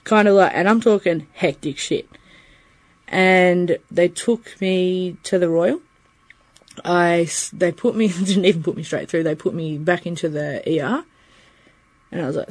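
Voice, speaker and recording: A man's voice: high voice, moderate pace, husky, no room sound. A young Australian man candidly recounting his experiences, swearing freely and acting out what people said to him. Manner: candid, swearing, acts out quoted voices. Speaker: peer interviewee. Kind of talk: personal storytelling.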